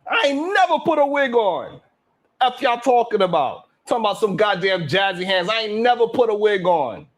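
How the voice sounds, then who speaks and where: A man hosting his own live stream show, boasting and trash-talking the haters in a loud, hyped rant full of cursing. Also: sits high, very animated, moderate pace. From Brownsville, Brooklyn.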